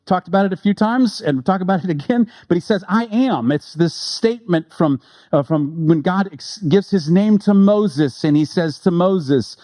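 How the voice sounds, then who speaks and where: Mellow-voiced man preaching casually. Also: sits high, lively intonation, no room sound. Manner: conversational and joking, reads quotes slowly with emphasis. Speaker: pastor. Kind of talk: sermon.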